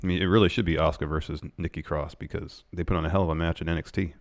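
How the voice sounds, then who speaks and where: A man co-hosting a podcast, recounting events in quick, plain run-downs during a casual recap chat. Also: very deep voice, steady tone. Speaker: podcast co-host.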